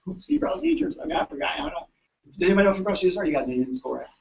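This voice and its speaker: A man, a chiropractor, telling patient stories to colleagues in an animated, chatty way, often asking "right?". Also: high-pitched, racing, creaky. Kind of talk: storytelling talk to an audience. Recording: echoey room, distant dull mic.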